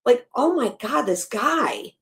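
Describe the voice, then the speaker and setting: A woman hosting a live stream, reacting to a podcast in blunt, animated casual talk and swearing freely. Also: on the high side, slow.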